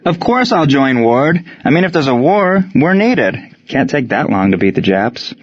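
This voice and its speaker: A man acting out a calm, easygoing teenage boy in an audiobook, relaxed and unbothered. The recording is slightly muffled. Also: mid-range voice, normal speed, no room sound, voice pushed up. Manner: calm, nonchalant.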